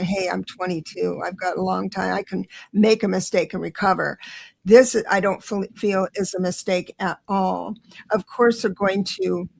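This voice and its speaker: A middle-aged woman giving an excitable, reassuring live tarot reading, talking straight to her viewers. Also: medium pitch, vocal fry. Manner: chatty, reassuring, talks to viewers directly; excitable, rushes then slows down.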